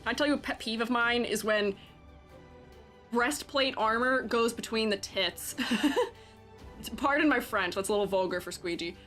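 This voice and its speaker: A woman's voice: on the high side, moderate pace, long pauses, a bit bright, soft background music. A woman who teaches character design, giving chatty live-stream commentary, reading the chat aloud and laughing often.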